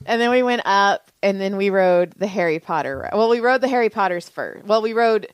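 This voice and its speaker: A woman's voice: mid-range voice, animated, fairly quick, smooth, dry recording, poor audio. A woman in her thirties co-hosting a podcast, telling a family story in casual chat, laughing often and acting out the voices of the people she quotes. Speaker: podcast co-host.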